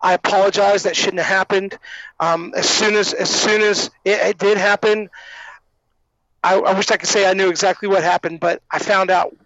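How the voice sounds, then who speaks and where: A man who was a wrestling production manager, telling lively backstage stories as a guest on a podcast interview. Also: sits high, moderate pace, no echo, dull audio. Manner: animated storyteller who acts out quoted voices. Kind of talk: storytelling anecdotes in a podcast interview.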